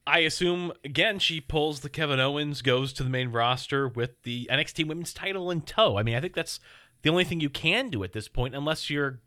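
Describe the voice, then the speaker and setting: A man's voice: on the high side, a little fast, pushed and bright. A man co-hosting a casual podcast, bantering in a teasing, boastful way. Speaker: podcast co-host.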